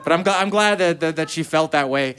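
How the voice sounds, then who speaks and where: A man doing a stand-up comedy set on stage, telling stories animatedly and acting out quotes in high voices. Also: brisk, noisy background. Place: comedy stage before a live audience.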